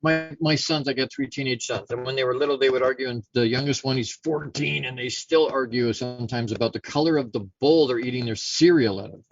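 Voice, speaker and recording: A man's voice: medium pitch, brisk, hardly any pauses, no room sound, lo-fi sound, faint music behind. A middle-aged man hosting a self-help talk show, casual and rambling with many restarts. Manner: casual, rambling, frequent restarts, animated storyteller. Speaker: show host.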